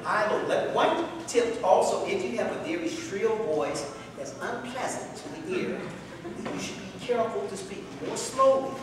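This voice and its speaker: A man's voice: sing-song, crowd noise. Dramatic Midwestern man teaching in an echoey hall. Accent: Midwestern American. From Midwestern United States. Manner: dramatic, emphatic, swings pitch and volume, strategic pauses. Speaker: speaking instructor. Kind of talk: workshop class on public speaking. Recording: echoey hall recorded from far off.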